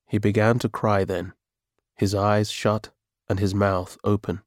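A man reading a story aloud as its narrator, calm and measured. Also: lowish voice, dry recording, clean studio sound.

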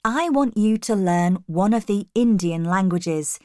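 A woman reading the lines of an earnest, serious young male missionary in a calm, measured way. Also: mid-range voice, dry recording, studio quality, lightly acted.

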